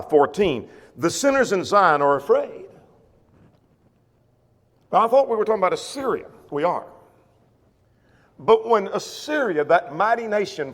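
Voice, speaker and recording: A man's voice: fairly high pitch, fairly bright tone, big-room sound. A man teaching a church Bible class, explaining scripture in plain words with frequent fillers and restarts.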